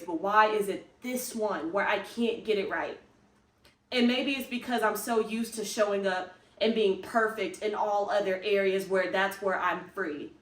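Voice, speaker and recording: Chatty woman vlogging in a roomy space. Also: mid-range voice. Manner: chatty, rambling, emphatic and self-encouraging. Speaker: fitness vlogger. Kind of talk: casual vlog talk to camera. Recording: roomy, picked up from a distance.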